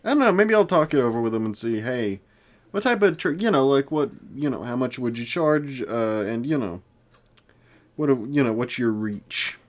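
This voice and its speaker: A man's voice: medium pitch, animated, moderate pace. A young man co-hosting a podcast, rambling casually with lots of fillers and laughter. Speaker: podcast co-host. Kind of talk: casual chat.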